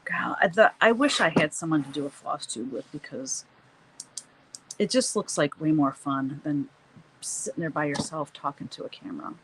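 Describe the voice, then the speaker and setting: A woman's voice: low-pitched, normal speed, fairly bright tone, a little hiss or hum, poor audio. A middle-aged woman hosting a live stream, chatting casually and laughing often while she paints and reads the chat.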